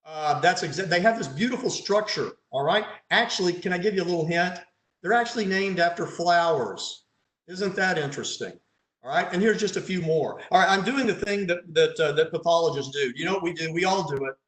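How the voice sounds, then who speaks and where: A male pathologist with a slightly high voice teaches over slides and keeps quizzing his audience. He thinks aloud, throws in dry, sarcastic asides and hints at answers. His voice carries a roomy echo. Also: brisk, a bit bright. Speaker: pathologist leading a case conference.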